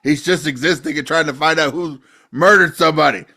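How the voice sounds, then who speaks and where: A man's voice: on the high side, a little fast, pushed and bright, slightly rough. A man casually discussing a movie on a podcast, explaining his points in a matter-of-fact way. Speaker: podcast co-host.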